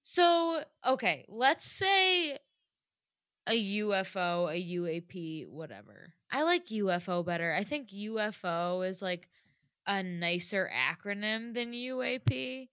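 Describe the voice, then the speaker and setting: A woman's voice: mid-range voice, big pitch swings, takes it slowly, a bit bright, smooth, no echo. A woman chatting casually on a podcast, giggly and full of fillers. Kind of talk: casual chat.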